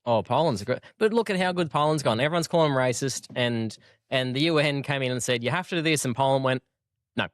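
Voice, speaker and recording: A blunt man hosts a casual podcast chat at a quick clip. He swears freely, laughs a lot and rambles when he loses his thread. His voice sits in a dry, close sound. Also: medium pitch, no room sound. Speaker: podcast host.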